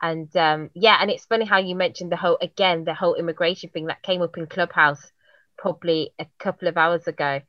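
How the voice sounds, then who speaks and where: A woman, chatting casually and telling stories in a quick, expressive way. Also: on the low side, dry recording. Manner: animated storyteller, quick and expressive. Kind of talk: casual chat. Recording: dull lo-fi sound.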